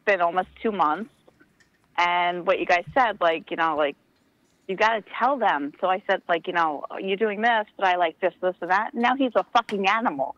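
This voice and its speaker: A woman calling in to a talk show, gossipy, animated and crude. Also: on the low side, normal speed, dry recording, lo-fi sound. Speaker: caller. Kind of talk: casual chat. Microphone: phone call.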